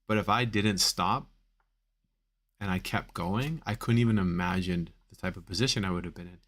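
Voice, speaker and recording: A man's voice: low voice, normal speed, a bit bright. A man coaching on back pain in a live Q&A stream, talking casually with many fillers and repeated phrases for emphasis.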